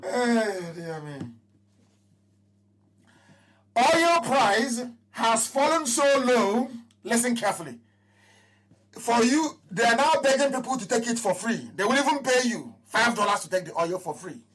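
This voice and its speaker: A man with a Nigerian accent gives an impassioned live address to his followers. He repeats his phrases and swings between raised proclamations and low mutters. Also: sing-song, moderate pace, fairly bright tone. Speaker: movement leader addressing followers.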